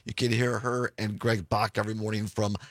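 A man hosting a casual afternoon radio talk show from a studio, speaking with a hoarse voice, chatty and quick to laugh. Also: fairly low pitch, little pitch movement, no echo. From Wisconsin. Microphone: studio microphone.

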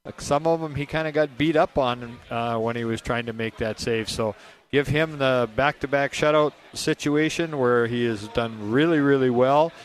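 A man giving relaxed, rambling post-game hockey analysis on radio, chuckling now and then. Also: medium pitch, normal speed.

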